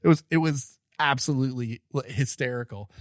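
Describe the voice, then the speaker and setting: This man speaks fairly quickly in a medium pitch while co-hosting a casual podcast, laughing as he rambles through stories with many fillers. The audio is studio quality without any room sound.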